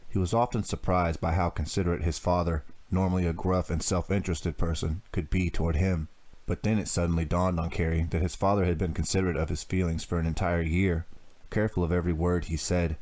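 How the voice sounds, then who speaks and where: Deep-voiced male audiobook narrator. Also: darkish tone. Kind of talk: scripted narration.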